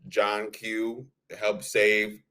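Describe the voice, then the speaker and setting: A man co-hosting a casual podcast, his voice sitting fairly low. He speaks frankly and bluntly about his feelings, with a laugh dropped in here and there. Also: monotone, very slow, a bit bright. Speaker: podcast co-host. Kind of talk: casual chat.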